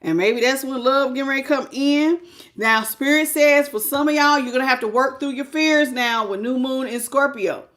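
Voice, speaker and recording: A middle-aged woman hosts a live tarot reading, speaking in a high, bright voice. She is animated and exclamatory, laughs often, and greets her viewers by name as she draws the cards. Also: moderate pace. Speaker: tarot reader.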